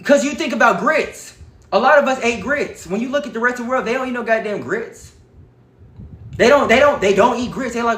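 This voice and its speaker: A man hosting a livestream, talking in an animated, profane, preachy way. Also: high-pitched, roomy sound. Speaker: livestream host. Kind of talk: casual livestream talk.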